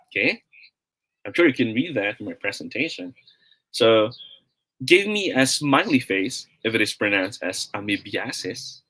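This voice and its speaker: A young Filipino man teaching pronunciation in a live online class. His voice is bright and forward, and he keeps an upbeat, chatty manner as he greets viewers and reads their comments aloud. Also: medium pitch, rough recording.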